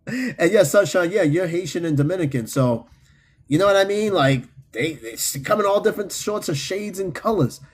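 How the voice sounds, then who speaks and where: A man hosting a podcast, chatting casually and reading out listener comments in a loose, profane, animated way. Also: sits high, moderate pace, husky. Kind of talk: casual unscripted chat.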